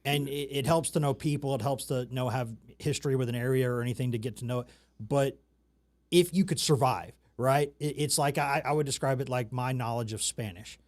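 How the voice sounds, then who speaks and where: A man's voice: medium pitch, brisk, a little mellow. A man from the American South hosting a casual chat, talking in a loose, rambling, self-mocking way. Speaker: talk show host.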